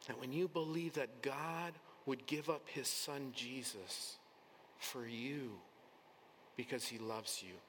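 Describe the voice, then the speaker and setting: A male pastor preaching an earnest, emphatic sermon in a church, sometimes dropping to a soft near-whisper. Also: mid-range voice, takes it slowly, slight background noise. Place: church sanctuary. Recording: long hall reverb, faint room ambience.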